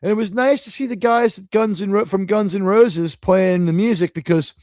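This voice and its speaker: A man's voice: high voice, moderate pace, darkish tone, no echo. A man from New City, hosting a live stream, talking in a profane, sarcastic, rambling way. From New York City. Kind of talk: casual live-stream rant.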